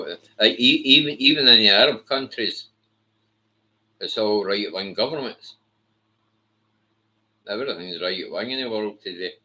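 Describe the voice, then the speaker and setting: Low, slow, sharp-voiced man ranting. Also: poor audio. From Britain. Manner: blunt, heavily profane, scornful. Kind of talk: ranting monologue.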